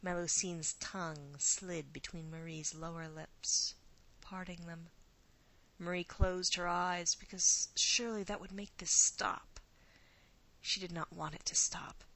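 A woman narrating a scripted story in a hushed, often half-whispered delivery. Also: lowish voice, fairly even intonation, a little slow, rough recording.

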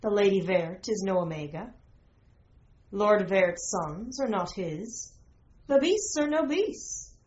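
A woman's voice: medium pitch, animated, slow, darkish tone, dull audio. A woman voicing a cryptic, amused wizard. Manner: cryptic and pronouncing. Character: amused, knowing male wizard.

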